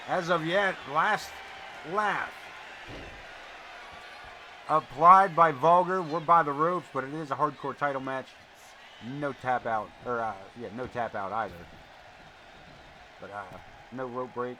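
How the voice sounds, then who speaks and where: Bright-voiced profane wrestling commentator man. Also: fairly high pitch, slight background noise. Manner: profane, blunt, chatty asides. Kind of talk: live play-by-play commentary mixed with casual chat.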